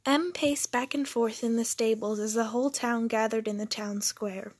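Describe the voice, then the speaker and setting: A woman's voice: a little high, fairly even intonation, normal speed, husky, dry recording. A woman reading a fairytale romance story aloud, sometimes tripping over words and correcting herself. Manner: self-correcting slips while reading. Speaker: narrator. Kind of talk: reading a story aloud, doing character voices.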